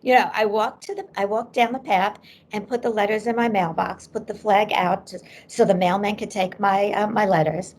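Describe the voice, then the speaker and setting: A woman's voice: medium pitch, normal speed. A middle-aged woman, a psychic medium, telling a personal story as an interview guest and acting out the voices she quotes. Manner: animated storyteller who acts out quoted voices.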